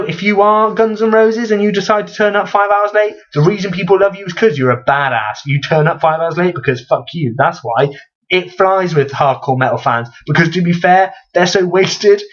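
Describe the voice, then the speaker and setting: Young man, vlog rant, exasperated, sweary, rambling, somewhat high voice, dull lo-fi recording. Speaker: vlogger. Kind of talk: ranting commentary vlog.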